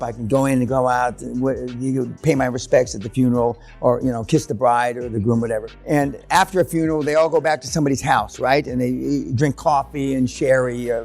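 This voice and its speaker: A man's voice: mid-range voice, creaky, a little mellow. An older man giving a seminar, telling stories in a blunt, crude, swearing way in a large room. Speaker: seminar speaker. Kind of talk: profane seminar storytelling.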